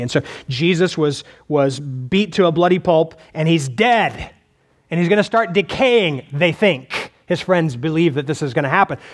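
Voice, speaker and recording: A man preaching a sermon in a conversational way, asking the listeners questions and often restarting his sentences. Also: on the high side. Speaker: pastor.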